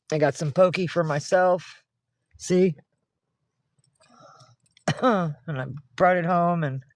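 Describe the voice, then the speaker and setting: A woman's voice: fairly low pitch, dry recording. A woman in a recorded video talking to her cats in coaxing, sing-song baby talk. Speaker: cat owner filming herself.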